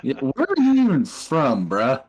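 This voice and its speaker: Loose, excitable man chatting casually. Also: medium pitch, unhurried, rough recording. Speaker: tabletop game player. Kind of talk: casual chat during a game break.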